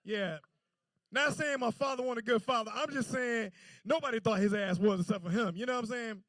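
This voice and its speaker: A man's voice: extremely high pitch, brisk, fairly bright tone, dry recording. A man doing a stand-up set on a comedy club stage, telling stories loosely with stammering restarts.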